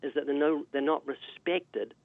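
A man's voice: fairly high pitch, normal speed. A man with a New Zealand accent, a guest evangelist preaching emphatically on a radio call-in show. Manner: emphatic, sermon-like delivery. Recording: tinny dry phone line.

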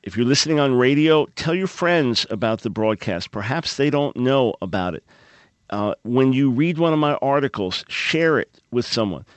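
A male Christian radio host talking earnestly and fervently at a studio microphone. His voice sits at a middle pitch, and the studio sound is dry and close. He speaks with the warmth of a preacher addressing his listeners. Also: expressive, moderate pace, no echo. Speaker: radio talk show host. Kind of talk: Christian call-in radio talk.

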